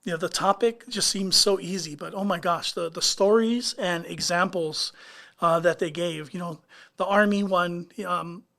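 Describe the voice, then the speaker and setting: A man's voice: sits high, fairly even intonation, normal speed, gravelly, bright, forceful tone. Chatty man co-hosting a podcast. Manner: chatty, trails off in restarts. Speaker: co-host. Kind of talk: casual podcast chat.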